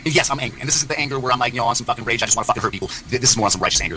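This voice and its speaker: A man delivering an angry, profane callout on a livestream, swinging between shouted lines and low muttering. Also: animated, a little hiss or hum, poor audio. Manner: angry, profane rant with rapid pitch swings.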